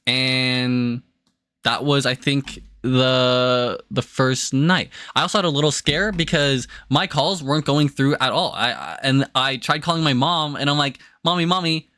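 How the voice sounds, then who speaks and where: A young man chatting casually on a livestream, rambling and excitable with many restarts. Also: medium pitch, measured pace, no echo, studio quality. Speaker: streamer.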